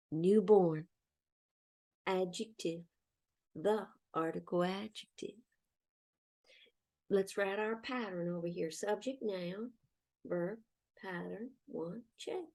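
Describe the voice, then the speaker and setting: A woman's voice: medium pitch, creaky, darkish tone. A middle-aged woman teaching a children's grammar lesson, patiently drilling question-and-answer chants.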